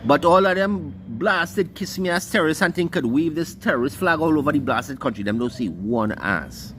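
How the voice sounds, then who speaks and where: A man's voice: on the high side, animated, moderate pace, fairly bright tone, slight background noise. A man with a Trinidadian Creole accent, delivering a heated, scornful monologue and cussing freely. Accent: Trinidadian Creole English. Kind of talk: ranting monologue.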